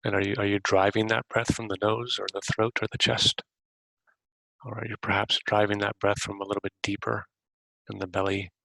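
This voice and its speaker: A man hosting a podcast, gently guiding a breathing meditation with unhurried questions to the listener. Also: fairly low pitch, vocal fry, no room sound, poor audio. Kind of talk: guided meditation.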